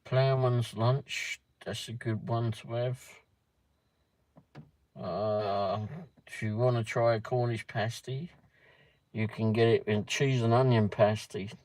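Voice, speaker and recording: A man's voice: fairly low pitch, fairly even intonation, slow pace, long pauses, a little mellow, no room sound. A man hosting a casual livestream, reading a pub menu aloud with muttered asides and the odd swear word. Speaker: livestream host.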